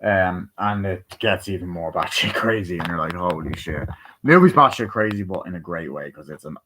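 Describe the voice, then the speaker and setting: A man giving a casual, rambling movie review full of swearing, who acts out scenes by quoting the characters in quick voices. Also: deep voice, expressive, a bit bright, a little hiss or hum, rough recording.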